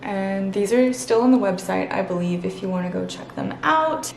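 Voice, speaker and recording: A woman's voice: mid-range voice, moderate pace, vocal fry, a little mellow, a little hiss or hum. Gushing chatty woman vlogger, echoey room. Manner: gushing, chatty, lots of "super" and "literally". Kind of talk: casual sponsored vlog talk.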